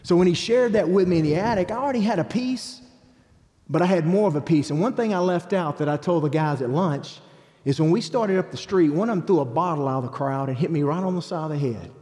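A middle-aged man preaching a testimony, telling his story in an animated way and acting out what people said. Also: a little high, fast talker, big-room sound. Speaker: evangelist.

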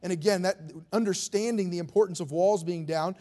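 A man's voice: high voice, a little fast, dark tone. A man preaching a sermon, reading scripture aloud in its old formal wording and then explaining it in plain, conversational words.

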